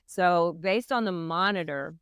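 A woman's voice: on the low side, unhurried, a bit bright, clean tone, no echo, clean studio sound. A middle-aged woman, a midwife, earnestly telling her own hard birth story as an interview guest. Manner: earnest, intense retelling of a hard memory. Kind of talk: personal storytelling in a podcast interview.

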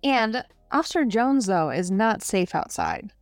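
A woman's voice: on the high side, sing-song, unhurried, dry recording, soft background music. A woman co-hosting a podcast, casually summarizing a book with lots of filler "like"s. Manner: chatty, heavy use of "like". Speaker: podcast co-host. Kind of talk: casual book review chat.

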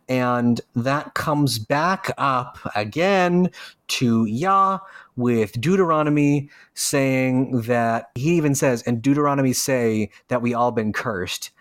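A man co-hosting a podcast, talking casually about a rap album at a middle pitch. He gets animated and swears, slipping into mocking voices when he rants. The sound is close and dry, with no room in it. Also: no room sound. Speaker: podcast co-host.

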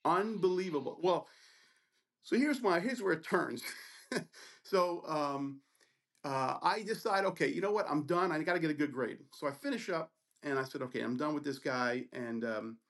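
Animated, profane storytelling man. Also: on the high side, unhurried. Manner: animated, profane, acts out voices in his story. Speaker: podcast co-host. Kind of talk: casual storytelling.

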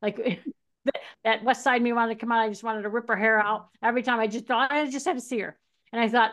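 A woman's voice: fairly high pitch, brisk. A woman co-hosting a podcast, telling personal stories in casual chat, acting out quotes and laughing as she goes. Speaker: podcast co-host. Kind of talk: casual conversational storytelling.

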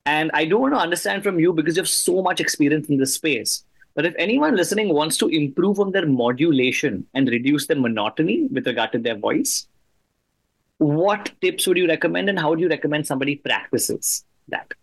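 A man hosting an interview, speaking earnestly and a little haltingly as he sets up his questions. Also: on the high side, vocal fry. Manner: earnest, a bit halting with restarts. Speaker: host. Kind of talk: interview host, conversational.

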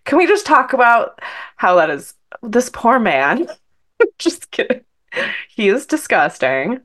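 A woman co-hosting a podcast in casual chat, sick and congested, animated and opinionated. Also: on the high side, measured pace. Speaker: podcast co-host.

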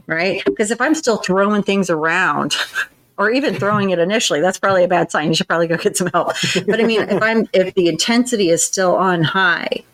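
A woman's voice: medium pitch, fairly quick, fairly bright tone, poor audio. A woman co-hosting a casual podcast chat, explaining relationship advice earnestly and acting out tones of voice in her examples. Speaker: podcast co-host.

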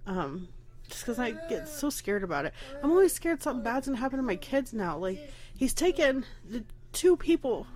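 A woman's voice: on the high side, very animated, moderate pace, darkish tone. A young woman hosts her own casual podcast, pregnant and emotional. She talks candidly and rambles, often close to tears and breaking into nervous laughs. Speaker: podcast host.

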